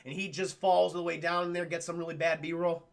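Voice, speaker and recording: A man's voice: on the high side, little pitch movement, brisk, vocal fry. A man recapping a film scene by scene for his live chat, laughing, swearing and acting out the characters' lines. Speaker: streamer reviewing a film.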